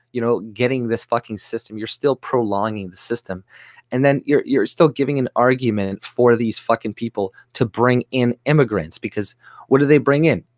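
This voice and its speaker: On his own YouTube channel, a Canadian man delivers an angry political rant, heated and profane, swearing constantly and mocking his opponents in put-on voices. His voice is medium pitch, recorded dry with clean studio sound.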